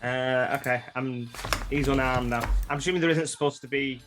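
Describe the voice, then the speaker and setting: A man's voice: mid-range voice, fairly even intonation, moderate pace, a bit bright, faint music behind. A man playing an online tabletop game, methodically counting out moves and checking details. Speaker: player.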